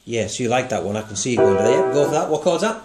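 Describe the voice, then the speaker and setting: Loud music plays behind a mid-range male voice that's animated and quick. He's giving a one-to-one songwriting lesson, patiently encouraging the student with guiding questions and singing brief notes to show the melody.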